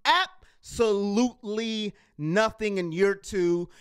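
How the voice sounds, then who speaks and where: A man's voice: sits high, slow, fairly bright tone, smooth. A man hosting a live sports fan show, ranting heatedly and reading viewer comments. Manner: fired up, emphatic, repeats lines for effect.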